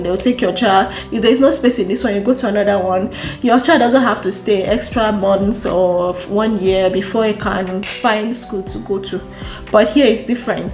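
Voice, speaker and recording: A woman from Nigeria with a Nigerian accent, chatting casually to camera as a vlogger, expressive and exclamatory, repeating phrases for emphasis. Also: medium pitch. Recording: roomy echo with faint background music.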